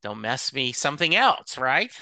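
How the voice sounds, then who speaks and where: Man, podcast co-host, casual chat, bright tone, dry close sound. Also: medium pitch, moderate pace, dry recording. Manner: relaxed, reads lyrics aloud and acts out anecdotes.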